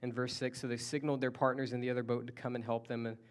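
A pastor preaching in a relaxed, conversational way, retelling a story with frequent restarts and side remarks. His voice sits at a middle pitch. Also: very fast. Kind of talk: sermon.

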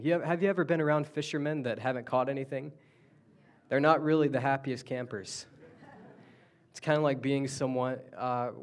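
A man's voice: mid-range voice, clear, resonant tone. Man preaching in a storytelling manner. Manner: conversational storytelling with restarts and asides. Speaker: pastor. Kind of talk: sermon.

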